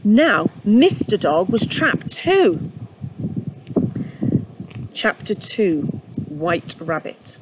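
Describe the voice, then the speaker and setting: Storyteller woman reading a children's book at home, lively pitch, faint hiss behind. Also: drawn-out words, pauses often, poor audio. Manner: warm, expressive storybook narration with asides.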